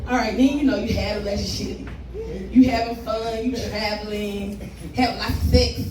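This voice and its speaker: A woman's voice: mid-range voice, fairly even intonation, normal speed. A woman performing spoken word poetry live at a poetry event, rhythmic, blunt and profane, with laughing asides to the crowd. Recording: echoey room, distant mic, background noise.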